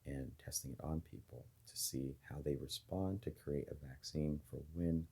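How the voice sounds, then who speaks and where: A man with an extremely low, husky voice talks straight to his viewers in a loose monologue. His tone is dark and mellow, and he wanders from thought to thought, pausing on fillers and restarting sentences. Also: steady tone. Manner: rambling, speculative, many fillers and restarts. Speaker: video host. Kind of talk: casual monologue to camera.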